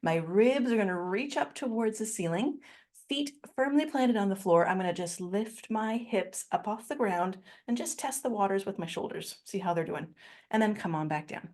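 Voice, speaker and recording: A woman's voice: mid-range voice, animated, normal speed, a little mellow. Woman, Pilates instructor, step-by-step cues, encouraging, laughs often. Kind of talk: guided exercise class instruction.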